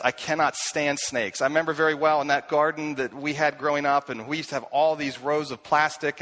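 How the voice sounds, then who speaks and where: A man preaching a sermon, telling the story with animated delivery and acting out the voices he quotes. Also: on the high side. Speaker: pastor.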